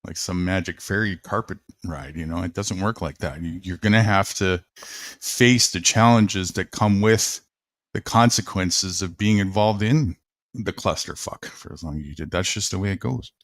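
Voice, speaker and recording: Low-voiced rambling philosophizing man. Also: moderate pace, no room sound, studio quality. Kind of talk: casual late-night chat.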